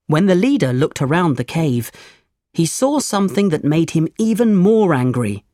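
A narrator giving a measured, clear reading of a chapter book. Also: mid-range voice, sing-song, mellow, no echo, studio quality. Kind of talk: storybook reading.

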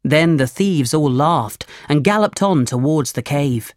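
A narrator giving a measured, clear reading of a chapter book. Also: medium pitch, expressive, dry recording, clean studio sound. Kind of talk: storybook reading.

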